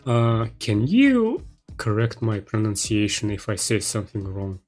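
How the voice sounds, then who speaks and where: A man's voice: fairly low pitch, huge pitch swings, darkish tone, faint music behind. Casual male English-learning host. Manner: casual, halting in English, laughs easily. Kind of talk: casual chat with an AI.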